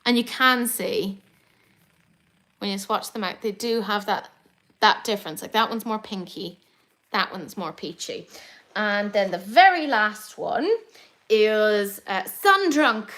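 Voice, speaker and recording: A woman's voice: mid-range voice, slow pace, long pauses, a bit bright. An Irish woman hosting a casual live makeup chat from home, rambling into self-deprecating asides. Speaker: beauty YouTuber host.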